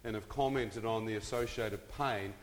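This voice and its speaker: A man quoting his elderly grandfather, who explains gently and calmly. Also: lowish voice, normal speed, lightly acted. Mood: gentle. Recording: hall with long reverb.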